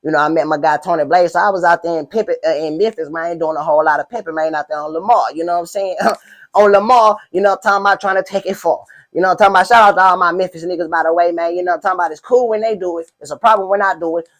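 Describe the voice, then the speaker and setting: A man's voice: high-pitched, steady tone, fast, a bit bright. A man playing a boastful streetwise pimp in a spoof interview, rambling in slang and constantly asking "you know what I'm saying". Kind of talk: comedic parody interview.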